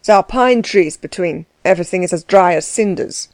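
A woman's voice: lowish voice, normal speed, a little mellow, no room sound, lightly acted. A woman voicing a curt, grim farm manager with a matter-of-fact delivery.

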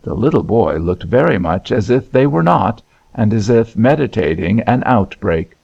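A man narrating a novel in a measured, expressive storytelling manner. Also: fairly low pitch, creaky, husky. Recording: dull lo-fi recording.

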